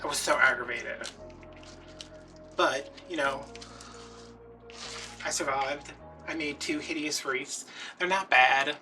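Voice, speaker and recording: A man chats casually while making a wreath, rambling through a story with plenty of ums and likes. He sits some distance from the mic, so he sounds slightly removed. Background music plays clearly behind his voice. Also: medium pitch, takes it slowly, pauses often, sharp tone. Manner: rambling, chatty storytelling with many fillers. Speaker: DIY wreath-making host. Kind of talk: casual chatty vlog while crafting.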